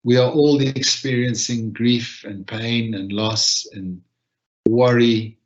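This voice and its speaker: A man gently leading a guided reflection and breathing practice, talking in an unhurried way with long pauses. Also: mid-range voice, steady tone. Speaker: session leader. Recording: dull lo-fi online audio.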